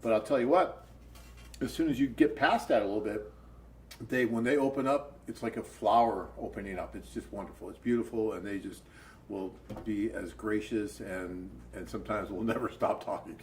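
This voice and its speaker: An American man co-hosting a live dating-agency Q&A, telling stories in an animated, chatty way. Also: lowish voice, normal speed, a little hiss or hum, low-quality recording. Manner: animated storyteller, chatty and upbeat. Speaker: co-host of a dating agency webcast. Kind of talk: casual live Q&A chat.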